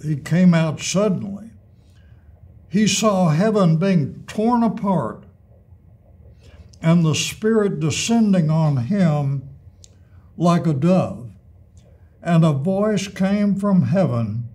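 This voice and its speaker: A man teaching an adult Bible class, reading scripture aloud and explaining it in a measured way with pauses and restarts. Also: on the high side, lively intonation, mellow, breathy edge.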